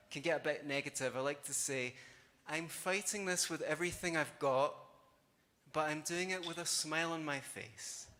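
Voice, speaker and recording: A man's voice: on the high side, sharp tone. A man giving a live conference talk, conversational and wry, with sarcastic asides. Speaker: conference speaker. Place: conference hall. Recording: long hall reverb.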